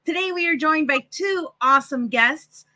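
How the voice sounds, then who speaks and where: A woman's voice: sits high, normal speed, sharp tone. A woman hosting a casual live developer show over a video call, chatty and upbeat. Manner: upbeat, chatty, laughs easily. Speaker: host and product manager.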